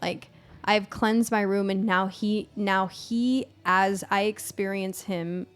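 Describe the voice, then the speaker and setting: A woman chatting as a podcast guest in an animated, casual way, laughing often, swearing freely and trailing off mid-thought. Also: mid-range voice, slow pace, smooth.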